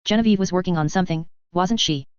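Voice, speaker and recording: A woman voicing a steady, practical young man giving plans and asking questions in an audiobook, with a low, smooth voice on a dull recording. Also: fast, no echo, close to an everyday voice. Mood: gentle questioning. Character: young male leader, calm and practical.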